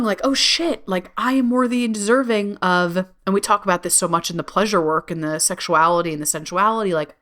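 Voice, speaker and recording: Chatty lady podcaster, cusses a ton, bright voice, pitch jumps way up now and then. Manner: chatty, heavy swearing and frequent "like" fillers; animated, with sudden jumps up in pitch. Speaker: podcast host. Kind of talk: casual solo podcast monologue.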